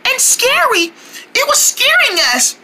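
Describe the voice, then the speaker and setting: A timid little cartoon girl, voiced by a woman pleads in a frightened, extremely high and bright voice. Her pitch leaps all over, like a small child in a play-pretend story. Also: very animated, a little slow, a little hiss or hum, exaggerated voice, low-quality recording.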